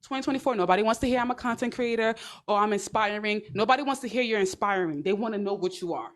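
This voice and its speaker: A young woman talks straight into her phone on a livestream, giving blunt, profane advice. Her voice sits at an ordinary middle pitch. She is sassy and quick to mock, often slipping into little put-on voices to act out examples. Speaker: live-stream host giving advice.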